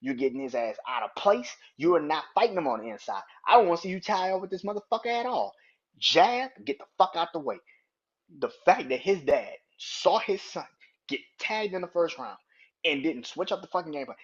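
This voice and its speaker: Husky man on a heated sports rant. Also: high voice, big pitch swings, a little fast. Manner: heated, profane, emphatic ranting. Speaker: sports podcast host. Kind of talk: solo sports podcast rant. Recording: dull lo-fi recording.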